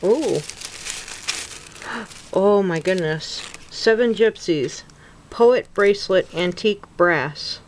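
Slow, gushing woman crafter unboxing gifts. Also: medium pitch, slight background noise. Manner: slow, gushing, gasping and near tears with gratitude. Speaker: crafting vlogger opening a gift package. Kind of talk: casual unboxing chat to camera.

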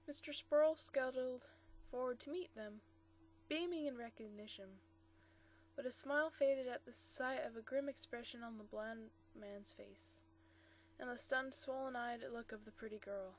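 A woman with a high voice reads a short story aloud. Her narration is steady, with occasional stumbles that she corrects as she goes. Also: a little slow. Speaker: story reader.

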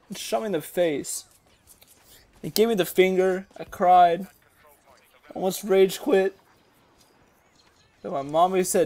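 A gamer giving jokey, excitable commentary over a shooter game, yelling at other players with sudden leaps in pitch. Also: unhurried, pauses often. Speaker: gaming commentator. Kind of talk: gameplay commentary.

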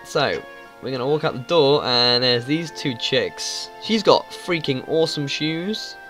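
A man recording casual let's-play commentary as a gaming YouTuber. He is excitable and swears freely. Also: mid-range voice, measured pace, faint music behind.

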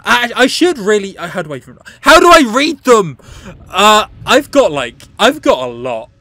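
Animated, jumpy woman playing horror games. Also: medium pitch, normal speed, no echo. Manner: jumpy, swears freely, talks to game characters; animated and joking, laughs often. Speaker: gaming channel host. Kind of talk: horror game let's play commentary.

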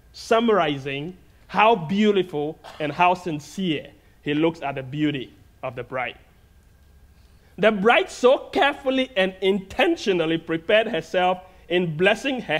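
A man with a Ghanaian accent preaching a sermon in a church, slow, deliberate and earnest, with long pauses between phrases. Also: high-pitched. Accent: Ghanaian English. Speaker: guest preacher. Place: church sanctuary.

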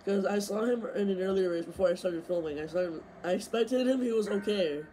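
Excitable young man gaming, high voice. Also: a little fast, slight background noise. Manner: excitable, complaining, bursts of yelling. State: losing his voice. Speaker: gaming streamer. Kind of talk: live gameplay commentary.

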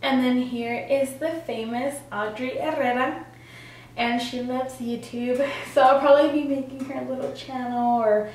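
A woman's voice: high voice, steady tone, normal speed, darkish tone, very echoey, recorded from a distance, slight background noise, poor audio. A young woman vlogger telling her personal story in a chatty way, with lots of fillers and acted-out quotes. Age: young adult.

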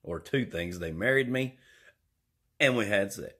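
A man rambles and cracks jokes in a drawling, easygoing way. His pitch swoops widely as he talks. He takes his time with every phrase. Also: animated, measured pace, bright, forceful tone, slightly rough. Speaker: vlogger. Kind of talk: rambling comic vlog. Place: indoors.

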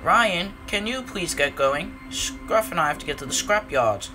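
A man's voice: high-pitched, animated, unhurried, over music. A man voicing a determined, earnest engine. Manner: insistent, urgent.

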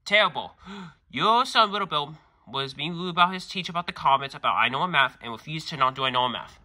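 A man's voice: on the high side, animated, fast, pushed and bright. A man voicing a stern school principal who scolds a boy and keeps repeating his name in a fan-made cartoon skit. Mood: scolding.

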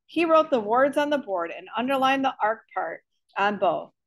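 A woman's voice: fairly high pitch, normal speed. A woman teacher reading a children's novel aloud, giving the characters' lines their own voices. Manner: expressive storybook reading with voiced dialogue.

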